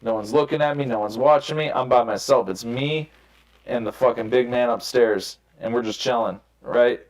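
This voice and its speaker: A man's voice: mid-range voice, normal speed. A young man telling candid personal stories in casual podcast chat, swearing freely and rambling. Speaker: podcast host. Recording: roomy echo.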